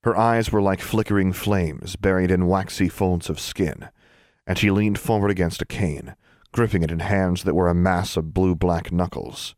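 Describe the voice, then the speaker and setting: A man narrating a story as an audiobook reader, in an expressive storytelling manner. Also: low voice, normal speed, no echo, studio quality. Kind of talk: scripted narration.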